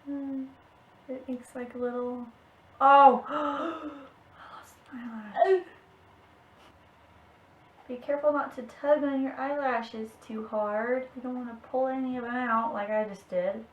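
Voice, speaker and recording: A woman's voice: on the high side, steady tone, normal speed, muffled recording. A young woman hosting a casual beauty vlog, bubbly and giggly. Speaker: beauty vlogger. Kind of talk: casual chat. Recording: echoey room, faint noise.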